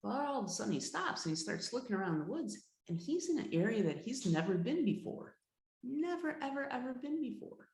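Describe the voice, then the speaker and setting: Gravelly-voiced woman telling a story. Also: fairly high pitch, big pitch swings, a little mellow, slight background noise. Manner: repeats words, builds suspense, slows down for drama. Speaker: healer and teacher. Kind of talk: oral storytelling in a class. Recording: roomy echo.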